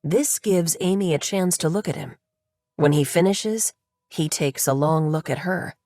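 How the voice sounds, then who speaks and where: A woman narrating a novel as an audiobook, telling the story in a steady, even manner. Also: lowish voice, a little slow, no echo. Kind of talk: scripted narration.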